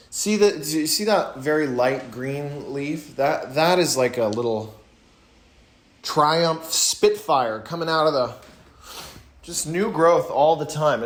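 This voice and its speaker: A young man from the American South, chatting casually to viewers in a slow, rambling way with many pauses and restarts, in a put-on voice. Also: a little high. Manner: talking in a put-on different voice today. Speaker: vlogger talking to viewers. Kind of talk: casual rambling livestream chat.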